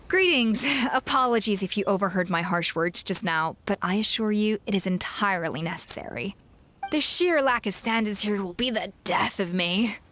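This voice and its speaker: A woman's voice: medium pitch, animated, normal speed, fairly bright tone, a little hiss or hum, lightly acted. A woman voicing a haughty British vendor. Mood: disdainful. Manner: haughty, complaining. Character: exacting adult woman food vendor, strict about standards. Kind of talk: video game voice acting.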